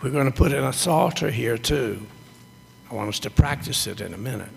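A man, a pastor teaching his congregation about worship in a sermon, animated with folksy exclamations, in a church sanctuary. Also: mid-range voice, fairly quick, vocal fry, husky. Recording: echoey sanctuary reverb.

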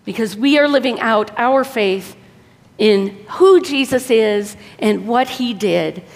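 An earnest woman preacher exhorts her listeners, with her voice pitched a little high. She often drops to a soft tone to land a point. Her words ring out under a long hall reverb. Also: slow pace. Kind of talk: sermon.

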